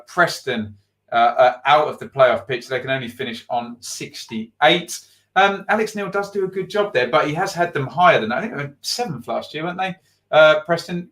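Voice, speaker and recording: A man's voice: medium pitch, fairly bright tone. A man hosting a live football review stream, reading out viewer comments and chatting loosely with plenty of fillers and asides. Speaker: football channel host.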